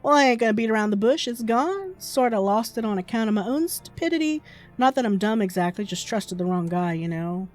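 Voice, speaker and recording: A woman voicing a slangy male drifter on the run, rough and folksy in manner. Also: fairly high pitch, animated, a little fast, faint music behind, natural voice. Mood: pleading.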